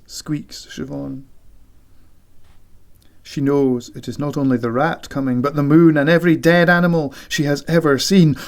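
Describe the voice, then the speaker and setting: A man reading a novel aloud with dramatic, deliberate delivery and whispered sound effects. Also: on the high side, a little mellow. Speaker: audiobook reader. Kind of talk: expressive literary reading.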